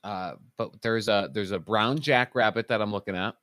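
A man with a fairly low voice, recorded close and dry, steering a comedic chat. He talks in a deadpan, mock-serious tone, as if walking through a formal choice. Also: moderate pace, dry recording.

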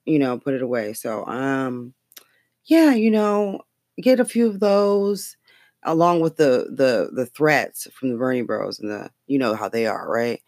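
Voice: medium pitch, animated, measured pace, darkish tone, dry recording. Rambling, laughing podcast host, dry sound. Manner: rambling, profane, laughs often. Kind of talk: casual political chat.

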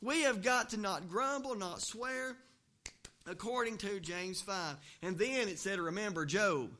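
A man's voice: high voice, unhurried, pushed and bright. A male pastor, preaching a sermon in a folksy, conversational way with joking asides in a church. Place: church, also livestreamed.

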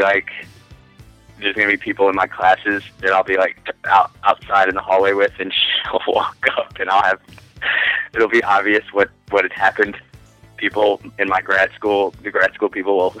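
A man's voice: fairly low pitch, completely flat delivery, moderate pace, sharp tone, dry recording, faint music behind, poor audio. A man in his twenties, a podcast guest, telling a long rambling story in casual, profane chat with frequent laughs.

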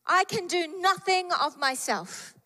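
Female preacher, high voice, slow and emphatic delivery, repeats key phrases; echoing hall. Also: expressive, sharp tone. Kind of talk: sermon.

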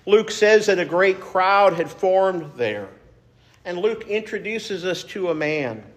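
Slow-speaking preaching man. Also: high voice, animated. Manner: earnest, measured preaching with emphatic repetitions. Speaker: pastor. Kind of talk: sermon.

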